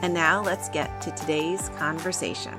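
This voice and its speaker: A woman hosting a podcast, speaking gently and reflectively, asking probing questions. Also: low-pitched, fairly even intonation, moderate pace. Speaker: podcast host. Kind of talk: reflective podcast host address. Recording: voice over clear background music.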